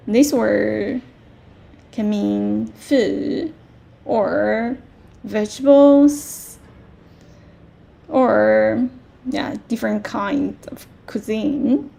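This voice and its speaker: A woman teaching a language lesson, repeating words slowly and checking that learners follow. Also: fairly high pitch, gravelly, mellow. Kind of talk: slow, patient language lesson.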